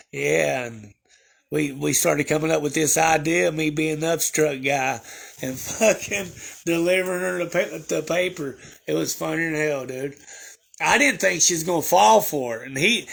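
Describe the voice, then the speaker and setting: A man's voice: a little high, moderate pace, gravelly, fairly bright tone. A young man chatting casually to his viewers, telling a rambling story with crude slang and lots of fillers. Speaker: livestreamer.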